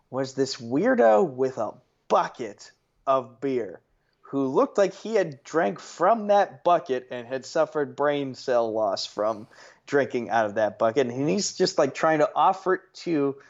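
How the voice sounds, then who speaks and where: A young man co-hosting a podcast, rambling through a story in casual chat and correcting himself as he goes. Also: medium pitch. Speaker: podcast co-host. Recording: slightly dull, lo-fi sound.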